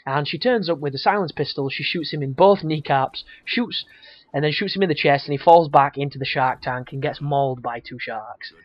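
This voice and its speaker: A man's voice: on the high side, normal speed, no echo. Brief: raised-voice man riffing through a let's-play, profane and loose, on muffled lo-fi audio. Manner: rambling, profane, laughs often. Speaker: gameplay commentator. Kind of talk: casual let's-play commentary. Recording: dull lo-fi audio.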